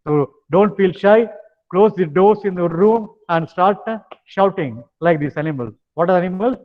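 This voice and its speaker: An older man with a Tamil accent leading a stress management lecture, tagging phrases with "now" and pausing on hesitant fillers. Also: high voice. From India. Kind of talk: lecture with guided exercises. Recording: dull sound with long hall reverb.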